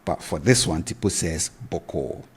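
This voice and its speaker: A man's voice: sits low, expressive, unhurried, a little mellow, breathy edge. A man, a Twi speaker, teaching in a video lesson, patiently repeating words to drill pronunciation. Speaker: language teacher.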